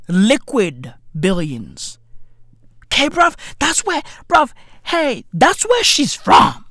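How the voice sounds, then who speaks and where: Loud, high-pitched ranting woman. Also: very animated, drawn-out words, no room sound, studio quality. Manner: shouting, swearing, says bruv often. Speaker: commentator. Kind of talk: profane comedic rant.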